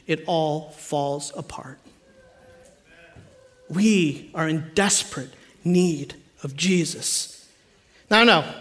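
A pastor delivering an animated, conversational sermon to his congregation. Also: fairly high pitch.

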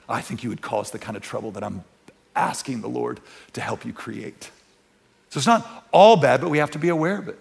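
A man preaching a sermon in a church, talking conversationally with repeats and restarts, dropping to hushed tones and rising to loud emphatic peaks. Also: mid-range voice, vocal fry. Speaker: pastor. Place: church sanctuary.

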